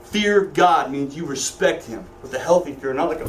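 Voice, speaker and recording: A man leads a Sunday school class with lively, joking energy and keeps asking his students questions. His voice sits high for a man. He is recorded from some distance in a roomy, echoey church classroom. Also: normal speed, a little hiss or hum. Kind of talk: teaching a Bible class.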